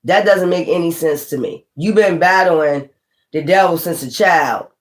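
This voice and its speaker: A woman's voice: fairly low pitch, moderate pace, poor audio. A woman hosting a live stream as a tarot reader, rambling casually and talking straight to her viewers.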